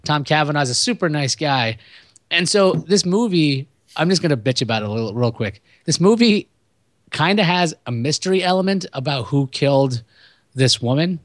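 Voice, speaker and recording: A man talks casually on a podcast with a slightly higher pitch than most. He rambles and swears, piling up asides as he rants about a film. The sound is close and dry, with little room echo. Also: moderate pace. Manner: rambling, profane, animated storytelling. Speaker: podcast co-host. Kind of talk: casual chat about movies.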